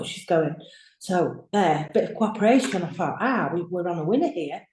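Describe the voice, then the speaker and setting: A woman nurse tells her story in a lively, chatty way, acting out her own lines as she goes. Her voice is mellow and warm. It comes over a video call from a roomy, echoey space. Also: lowish voice, normal speed. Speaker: nurse guest.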